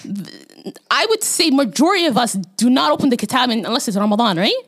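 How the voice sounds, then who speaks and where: A woman's voice: fairly high pitch, expressive, quick pace. A young woman co-hosting a podcast in casual chat, earnest and given to repeating herself for emphasis. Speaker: podcast co-host.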